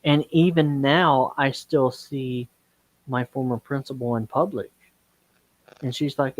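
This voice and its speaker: A man's voice: medium pitch, a little slow, dry recording, poor audio. Chatty man in his forties. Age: 40s. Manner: repeats words, acts out quoted dialogue. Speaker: guest, dating and business coach. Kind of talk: casual storytelling on a live stream.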